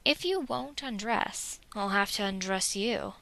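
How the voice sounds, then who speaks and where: A woman voicing a big, gentle older male dwarf warrior who speaks calmly and tenderly in a storybook reading. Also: unhurried, vocal fry. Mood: teasing. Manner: calm, low and tender.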